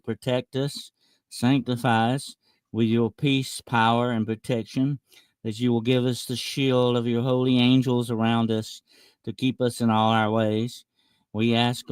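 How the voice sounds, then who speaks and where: A man who is a guest on an online talk show, joking in chat and measured and solemn as he leads a prayer. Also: mid-range voice, darkish tone, clean tone, no echo. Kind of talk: casual interview and spoken prayer.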